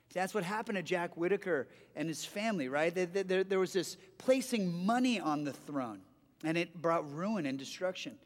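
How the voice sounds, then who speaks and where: High-voiced man preaching in a hall. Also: moderate pace. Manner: conversational preaching with frequent restarts. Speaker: pastor. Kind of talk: sermon.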